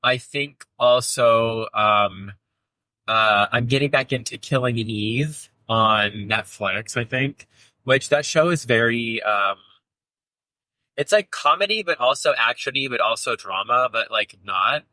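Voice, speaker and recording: A man's voice: mid-range voice, a little slow, sharp tone, no room sound, low-quality recording. A man co-hosting a podcast from a car, chatting casually and rambling with lots of fillers. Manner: rambling, filler-heavy, playful. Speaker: podcast co-host. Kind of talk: casual chat.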